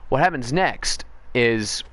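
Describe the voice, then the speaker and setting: While gaming on stream, a man recounts a funny story in an offhand, rambling way, frequently correcting himself and rushing ahead in bursts. His mid-range voice is expressive with a fairly bright tone.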